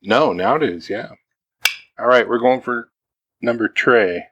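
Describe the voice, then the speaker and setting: A man co-hosting a beer tasting podcast, chatting casually and telling relaxed stories. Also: mid-range voice, measured pace, highs cut off, a little hiss or hum. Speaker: co-host of a beer tasting show. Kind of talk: casual chat.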